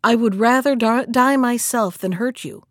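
A woman's voice: fairly high pitch, moderate pace, no echo, studio quality, lightly acted. A woman playing a sorrowful guard captain. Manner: mournful, earnest.

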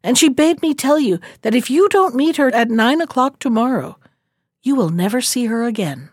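A woman voicing a sly little fair-haired serving boy in a brisk, plain storybook manner. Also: fairly high pitch, lively intonation, dry recording, studio quality.

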